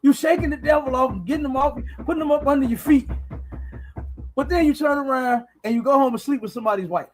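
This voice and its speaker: Man, podcast host, high voice, emphatic preachy monologue, cursing. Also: fast, slight background noise. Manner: emphatic, profane, repeats "you understand?".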